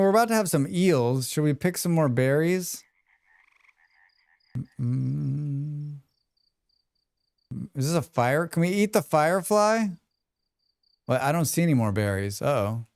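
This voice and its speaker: An American man talks through a live game stream in a loose, rambling way, turning to his chat between reading on-screen tips aloud. His voice sits a little high for a man and comes through smooth and clear. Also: a little mellow. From United States. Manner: chatty, rambling asides to chat, reads tutorial text aloud. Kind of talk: casual live gameplay commentary.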